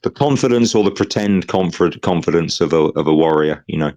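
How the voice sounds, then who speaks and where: Deep-voiced man as game master. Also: a little mellow. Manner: measured, with frequent ums. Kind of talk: narrating a tabletop game.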